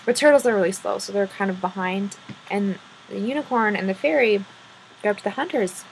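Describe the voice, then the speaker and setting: A woman's voice: medium pitch, fairly quick, creaky, a little hiss or hum, poor audio. A woman vlogger telling a silly made-up story in a playful, rambling way, with many fillers. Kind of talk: casual storytelling.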